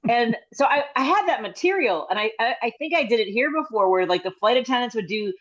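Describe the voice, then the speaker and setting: A woman's voice: fairly high pitch, lively intonation, a bit bright. Chatty middle-aged woman comic on a call. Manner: rambling, chatty, with quick asides and restarts. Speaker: comedian. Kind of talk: casual comedic storytelling. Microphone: video call. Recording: slightly dull video-call audio.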